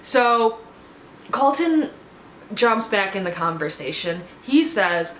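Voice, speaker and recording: Woman, show reviewer, animated sarcastic recap, roomy echo. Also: a little high, a little slow, slight background noise. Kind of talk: casual episode recap.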